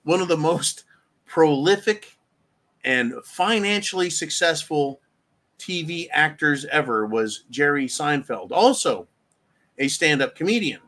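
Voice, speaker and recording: A man's voice: on the high side, expressive, unhurried, a bit bright. A middle-aged man hosting a solo commentary rant, rambling, sarcastic and profane. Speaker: host.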